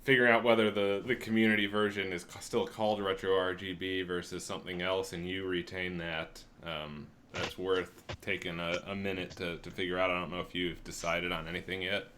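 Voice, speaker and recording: A man's voice: sits low, little pitch movement, fairly quick, few pauses, fairly bright tone. A man co-hosting a podcast in casual chat, hedging with lots of likes. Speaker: podcast co-host.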